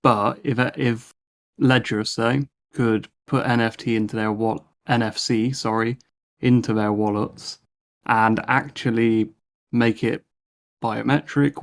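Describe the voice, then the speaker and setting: Chatty man with a low voice. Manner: chatty, leans on tag questions and fillers. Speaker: panelist. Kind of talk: casual podcast discussion.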